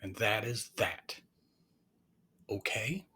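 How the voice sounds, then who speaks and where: A man narrating an improvised bedtime story, gentle and halting. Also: fairly low pitch, animated, husky.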